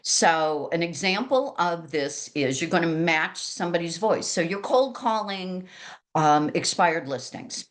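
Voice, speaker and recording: A woman real estate agent with a big, loud outdoor voice, giving a lively, chatty sales training talk to colleagues. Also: on the low side, unhurried. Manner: lively, chatty and self-deprecating.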